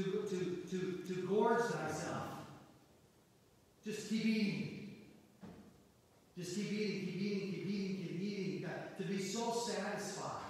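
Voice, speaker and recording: Male pastor, high voice, earnest scripture-quoting sermon, booming hall reverb. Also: slight background noise. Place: church auditorium. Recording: echoey hall, mic far off.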